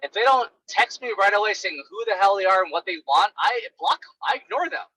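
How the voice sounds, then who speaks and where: A man's voice: high voice, lively intonation, a little fast, pushed and bright, husky, no echo, poor audio. A young man coaching sales calls in a casual, blunt monologue, full of fillers like "right" and "like".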